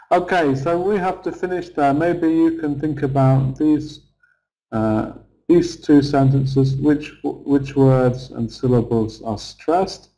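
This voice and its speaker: A man leads an online lesson at an unhurried pace. His voice sits fairly high but sounds mellow and soft-edged. He repeats key phrases patiently for his students. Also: poor audio. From England. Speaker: English teacher.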